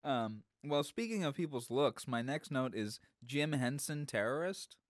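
A man co-hosting a podcast in casual chat, animated and thoughtful. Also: mid-range voice, a little slow, dry recording, studio quality. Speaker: podcast co-host.

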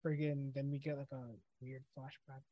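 A man's voice: mid-range voice, flat delivery, moderate pace, dry recording, dull audio. A man co-hosting a podcast, casually recapping an anime episode and acting out the characters' lines as he goes. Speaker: podcast co-host.

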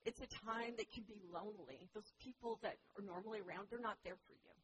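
A woman's voice: mid-range voice, a little fast, background noise. A middle-aged woman preaching a sermon in a church, sharing personal stories in an earnest, reflective way. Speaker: pastor.

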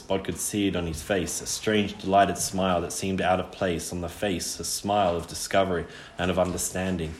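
Deep-voiced man reading a story. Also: a little hiss or hum. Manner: measured, dramatic. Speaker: narrator. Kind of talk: audiobook reading. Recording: roomy echo.

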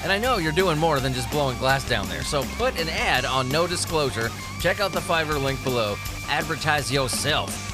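With music underneath, a podcast host whose voice is on the high side talks at normal speed with few pauses. His banter is crude and lively and he laughs often, though illness recovery leaves him with coughing fits.

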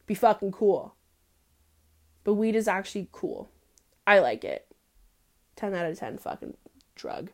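Young woman host, brash, foul-mouthed, chatty confessional monologue, mid pitch. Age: young adult. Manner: profane, sassy, rambling, slangy.

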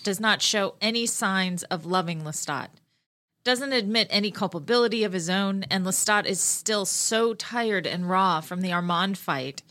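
Bright-voiced woman podcast co-host. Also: mid-range voice. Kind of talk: casual podcast chat and reading fan fiction aloud.

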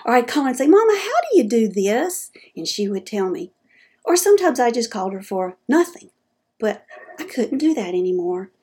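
A woman's voice: mid-range voice, sing-song, brisk, a little mellow, breathy edge. A middle-aged woman giving an earnest, homespun, faith-based personal talk as a dementia advocate. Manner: earnest, homespun storytelling with folksy phrasing.

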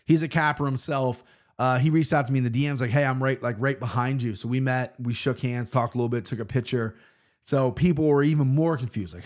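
An American man recounts a night out in a casual monologue. His delivery rambles and restarts, full of swearing and bursts of excitement. The pitch sits in the middle range for a man. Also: fast. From United States.

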